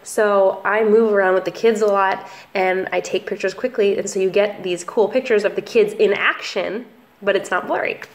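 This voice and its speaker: A young woman, a family photographer chatting casually in a relaxed vlog, with plenty of ums and likes. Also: medium pitch, normal speed. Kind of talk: casual talking-head vlog.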